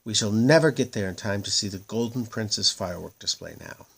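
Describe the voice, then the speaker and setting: A man's voice: fairly low pitch, a little fast, creaky, a bit bright, husky, full character voice. A man doing huffy, impatient eagles. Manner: huffy, scornful.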